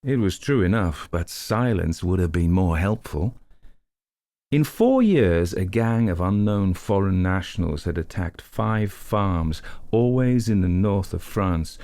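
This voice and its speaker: A male audiobook narrator with a very low, gravelly voice reads a detective story at a measured, unhurried pace. The recording is close and completely dry. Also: warm tone, dry recording.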